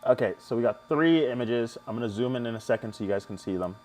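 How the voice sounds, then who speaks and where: A young man hosting a live stream, chatting casually and joking with viewers as he walks through a software tutorial. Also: mid-range voice, quick pace. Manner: chatty, jokey, talks to chat viewers.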